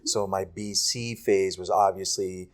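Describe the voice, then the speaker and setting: A young man, a guest co-host, telling his own story about faith in a reflective, steady way. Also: low voice, a little slow. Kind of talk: casual faith talk.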